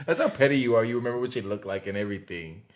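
Young male podcast co-host, lowish voice, teasing sidekick energy, quick jokes. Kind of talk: casual chat.

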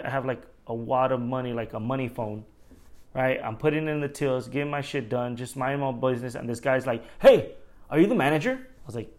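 A man who works as a store manager, venting in a casual monologue, rambling, swearing often and laughing at himself. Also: mid-range voice.

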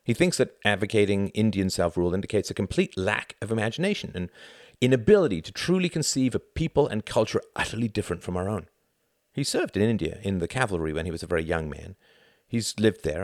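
Man voicing a measured authoritative man, deep, lecturing, dry close sound. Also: no echo.

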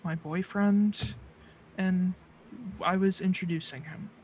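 A game master voicing a wary young woman under questioning, answering in halting, hesitant bursts. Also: mid-range voice, steady tone, darkish tone, a little hiss or hum, close to an everyday voice. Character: wary young half-orc-related woman, guarded clerk.

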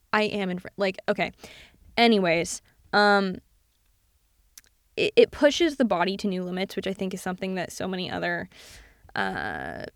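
Young female host, casual solo talk with lots of "like" and "um", smooth voice, dry recording. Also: medium pitch, dry recording. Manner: chatty, animated, swears casually, many fillers. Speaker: podcast host.

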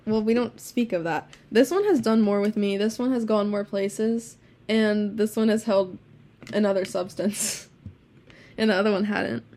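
A teenage girl chatting casually as a podcast co-host, telling stories quickly with lots of swearing and laughter. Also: mid-range voice, steady tone, warm tone. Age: teens. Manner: fast, profane storytelling with laughs. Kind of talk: casual chat.

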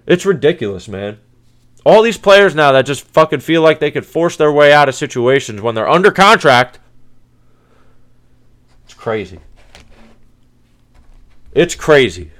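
A man's voice: on the high side, sing-song, normal speed, a bit bright. A man hosting a sports podcast, ranting in a heated, profane, exasperated way, with many restarts. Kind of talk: casual sports rant.

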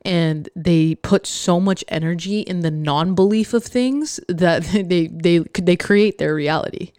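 A woman's voice: lowish voice, a little slow, dark tone, no room sound, studio quality. A young woman hosting a podcast, giving a blunt, profane motivational rant and mocking doubters. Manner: sarcastic, mocks others in put-on voices; profane and emphatic. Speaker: podcast host.

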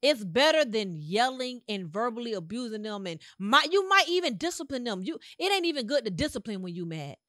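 A woman's voice: on the high side, sing-song, fairly quick, hardly any pauses, fairly bright tone, no room sound, clean studio sound. A woman hosting a podcast, giving an emphatic motivational monologue in a conversational, repetitive way. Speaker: podcast host.

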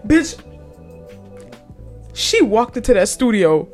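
A young woman hosts her podcast with a lively, swooping voice, pitched a little high for a woman. She swears freely and keeps breaking into laughter. Faint music plays underneath. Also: unhurried, long pauses. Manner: profane, animated, laughs often. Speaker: podcast host. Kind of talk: casual chat.

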